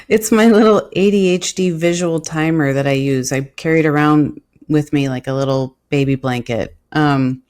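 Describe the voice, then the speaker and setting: Woman, podcast co-host, lowish voice, playful, giggly, casual video-call chat. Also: unhurried, a little mellow.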